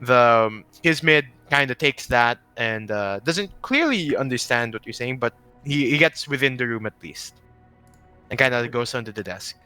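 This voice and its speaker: A man narrates as game master in a casual tabletop session. His voice is bright and smooth, swinging widely in pitch as he thinks aloud and hesitates over rules. The sound is dry and close. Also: lively intonation, normal speed, no echo, soft background music.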